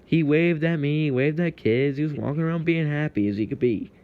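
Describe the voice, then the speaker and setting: A man's voice: a little high, a little fast, phone-quality sound. A young man from Texas with a Texan accent, ranting heatedly to camera in a profane, confrontational vlog monologue.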